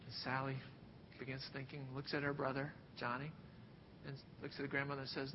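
A man preaching a sermon and telling stories, swinging from loud bursts to hushed near-whispers. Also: little pitch movement, fairly quick. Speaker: pastor. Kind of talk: sermon with storytelling. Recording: dull sound with long hall reverb, faint rumble.

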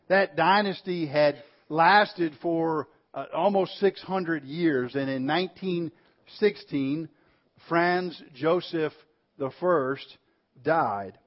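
A man preaching, telling a story in a measured way with repeated words, then leading a closing prayer. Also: a little high. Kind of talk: sermon illustration and closing prayer. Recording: dull lo-fi recording.

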